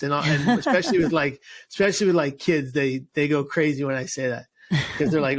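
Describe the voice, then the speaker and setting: A man's voice: a little high, fairly even intonation, fast talker. A man speaking as an interview guest and suicide prevention speaker, earnest and emphatic, often restarting and repeating words. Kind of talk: casual interview chat.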